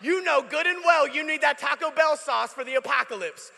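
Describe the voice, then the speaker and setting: This guest pastor speaks fairly quickly in a very high, creaky, sharp voice while preaching in a church sanctuary. He keeps things conversational, joking with the crowd, and the spacious hall adds a long reverb.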